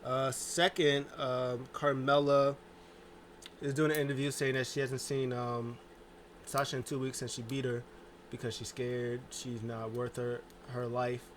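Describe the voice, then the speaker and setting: A man talks through a casual recap in a loose, rambling way, leaning hard on filler words. His voice sits at an ordinary middle pitch. Faint room ambience hums behind him. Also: level tone, a little slow, slight background noise. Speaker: wrestling show reviewer.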